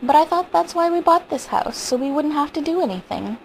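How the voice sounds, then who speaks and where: A woman narrating gives voice to a steady, reassuring husband in a storybook reading. His lines stay level and gently amused, and a faint background hiss sits under the recording. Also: a little high, moderate pace, rough recording. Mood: teasing. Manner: calm, reassuring, gently teasing. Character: weary amused husband, a man in his prime. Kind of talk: audiobook reading.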